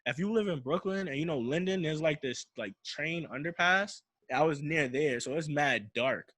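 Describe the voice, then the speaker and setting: A man's voice: fairly high pitch, moderate pace, fairly bright tone, no room sound. Young man, storytelling. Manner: slangy, repeats "I'm like" and restarts while retelling. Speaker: podcast host. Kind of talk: casual personal storytelling.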